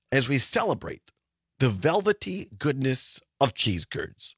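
A middle-aged man from Wisconsin hosting a casual talk radio show from a studio. He talks with bouncy, animated pitch and eager enthusiasm, often restarting his sentences. The sound is dry and close. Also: unhurried, breathy edge, no room sound. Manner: chatty, enthusiastic, rambling with restarts. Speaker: radio and streaming host.

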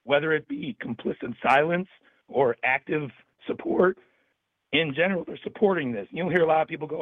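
Male radio caller, hoarse worn voice, phone-line sound. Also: fairly high pitch, brisk, dry recording. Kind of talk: call-in comment on talk radio.

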